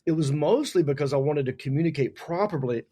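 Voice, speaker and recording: A man's voice: a little high, a little fast, slightly rough. Southern man telling a story. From North Carolina, US South. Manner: animated storyteller, acts out others' lines. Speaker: comedian guest. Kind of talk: casual storytelling chat.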